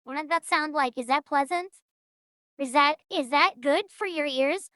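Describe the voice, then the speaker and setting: A woman's voice: high-pitched, a little slow, sharp tone, dry recording. A woman streamer chatting casually and self-mockingly while playing a game, with joking asides.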